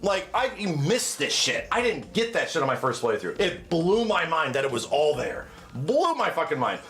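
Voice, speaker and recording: A man hosting a stream, swearing and telling an animated, excitable story in casual chat. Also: on the high side, moderate pace. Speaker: streamer host.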